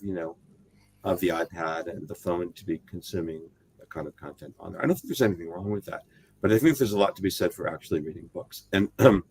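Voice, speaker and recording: A man's voice: sits low, husky. A middle-aged man from the United States, talking as an interview guest in a rambling, thoughtful way that often corrects itself. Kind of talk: casual interview talk.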